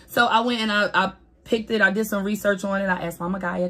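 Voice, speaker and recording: A woman gives a casual spiritual reading to her viewers. She is animated and preachy, cusses freely and keeps asking if they understand her. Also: mid-range voice, fast. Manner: animated, preachy, swears and laughs, talks straight to viewers. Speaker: tarot reader.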